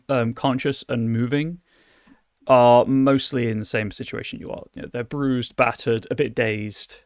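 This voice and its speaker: A man's voice: mid-range voice, clean tone, no room sound, studio quality. A man running a tabletop game as game master, describing scenes with many restarts and fillers.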